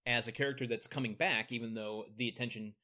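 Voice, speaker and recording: A man's voice: medium pitch, steady tone, fast talker, bright, forceful tone. A man co-hosting a podcast who runs the segments and laughs often in casual chat. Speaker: podcast co-host.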